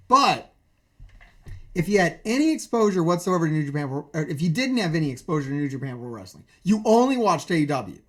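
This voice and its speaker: A man on a stream rants about a wrestling show, swearing and getting worked up, firing off one disbelieving question after another. His voice sits high.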